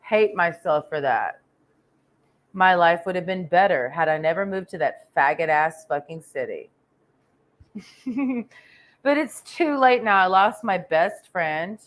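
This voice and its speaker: A woman's voice: fairly low pitch, expressive, measured pace. A woman from Texas ranting in a crude, confrontational vlog monologue, swearing constantly and rambling with trailing "and"s. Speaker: vlogger.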